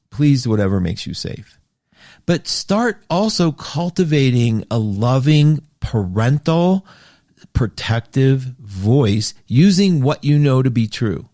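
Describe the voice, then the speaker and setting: A man hosting a casual astrology livestream. He reads listener comments aloud and answers them, and his talk swings between loud, laughing outbursts and soft asides. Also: on the high side, dry recording, clean studio sound. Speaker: astrology show host.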